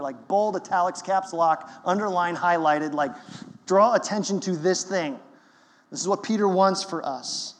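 A high-pitched male pastor delivering a sermon in an emphatic, conversational way. His voice carries a long reverb from a large church hall. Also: a bit bright.

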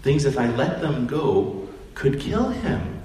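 Pastor delivering a chatty sermon, recorded from a distance in a reverberant hall with faint ambient noise. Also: male voice, mid-range voice, slow pace. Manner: conversational, animated storytelling with acted quotes.

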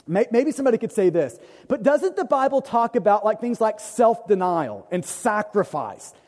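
Earnest high-voiced pastor in reverberant hall. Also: male voice, big pitch swings, a little mellow. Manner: earnest, repeats phrases, quotes scripture slowly. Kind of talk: sermon.

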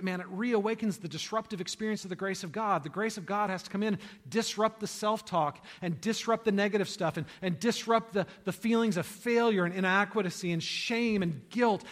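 A man preaching a sermon as pastor, telling a personal story earnestly and building to loud, emphatic peaks. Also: high-pitched, slightly rough, big-room sound.

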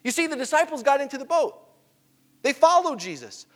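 A man preaches a sermon in a fairly high voice, telling the story with lively, animated emphasis. He drops to hushed asides, then builds back up. His voice rings with long reverb, as if from a large hall. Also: a little fast.

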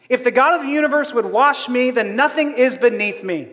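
A man's voice: very high-pitched, fairly quick, hardly any pauses. A man preaching a sermon, earnestly retelling a storybook before turning it into a lesson. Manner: earnest, storytelling, soft for the tale. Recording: hall reverb.

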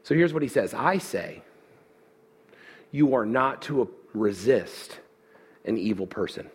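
Male pastor preaching, husky voice, rises high for rhetorical questions, lively. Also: slow pace. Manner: animated preaching, voicing listener objections. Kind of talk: sermon.

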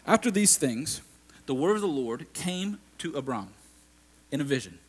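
A man's voice: a little high, big pitch swings, normal speed, slightly rough. A man preaching a sermon in a conversational style, with asides and acted-out quotes. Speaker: pastor.

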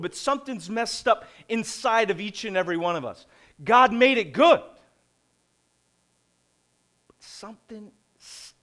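A middle-aged man preaching a conversational sermon, posing rhetorical questions and pausing deliberately. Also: high voice, a bit bright. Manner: slow, deliberate delivery with pauses. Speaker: pastor.

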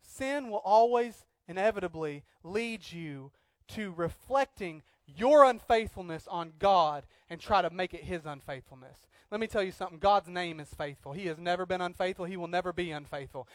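A man preaching a sermon as pastor, swinging from loud acted outbursts to quiet earnest talk. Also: high-pitched, normal speed, hardly any pauses, no echo.

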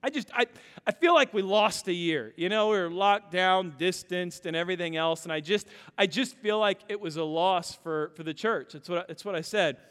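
A high-voiced male pastor preaching with bright, ringing tone. He tells stories animatedly, rising loud and dropping hushed. His voice trails in the long reverb of a church hall. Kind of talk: sermon.

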